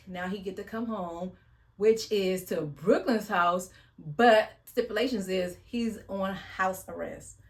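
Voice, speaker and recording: A woman giving a casual, blunt recap of a reality show, chatty and slangy, sighing as she retells scenes. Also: medium pitch.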